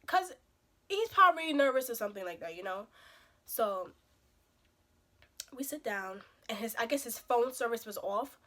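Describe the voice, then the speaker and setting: A young vlogger, her voice slightly hoarse from a cold, tells a dating story in a casual storytime video, breaking into emphatic, animated outbursts. She speaks fairly quickly in a higher register, with long pauses.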